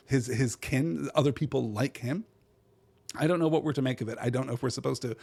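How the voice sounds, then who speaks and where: A man's voice: medium pitch, darkish tone. A man hosting a literary podcast, talking through ideas in a thoughtful, digressive way, often checking in with "right?" and restarting his phrases. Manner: reads verse aloud in measured cadence. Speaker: podcast host.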